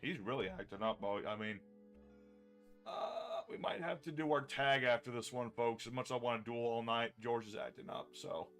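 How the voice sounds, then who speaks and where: A chatty man streams a card game live, talking through each play in a bright, forceful voice. He reads his chat and answers it as he goes. Faint music plays underneath. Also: medium pitch, normal speed. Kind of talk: casual livestream commentary.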